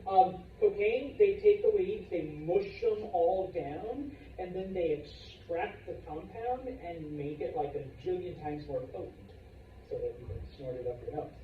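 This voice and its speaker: A man's voice: high voice, a little slow, a little hiss or hum. A man teaching history in a casual, jokey way, acting out people's voices while he lectures to a classroom. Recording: roomy, distant, dull classroom recording.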